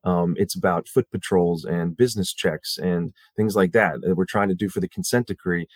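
A man's voice: sits low, no echo. A man speaking as a guest in a casual conversation, restarting often and acting out quotes. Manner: halting restarts, acts out quotes.

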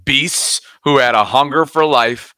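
A young man on a sports podcast recounts a scene with animated, play-by-play energy. His voice is bright and forward. It is recorded close, with a dry sound. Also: medium pitch, measured pace, smooth, no echo. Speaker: podcast co-host. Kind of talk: casual sports chat.

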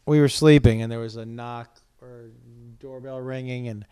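A man's voice: medium pitch, steady tone, normal speed, warm tone, clean tone, dry recording, clean studio sound. A man hosting a casual chat, blunt and teasing, who laughs as he tells stories.

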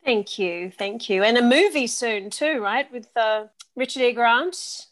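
A woman's voice: on the high side, lively intonation, a little slow. A woman from Australia, a musical theatre actress, chatting in an interview in a bubbly, self-deprecating way. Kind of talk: casual interview chat.

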